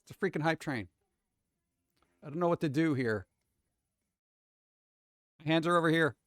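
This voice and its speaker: A man's voice: a little high, moderate pace, fairly bright tone, no echo, studio quality. Rambling man chatting on a live stream. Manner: rambling, greets chat viewers one by one. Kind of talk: casual livestream chat.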